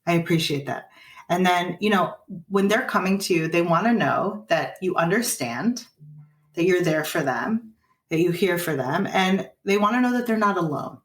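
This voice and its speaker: A woman with a lowish voice, lively intonation, and moderate pace coaches parents in a podcast conversation. She explains earnestly and acts out what a parent and child might say, and the recording sounds roomy and distant from the mic.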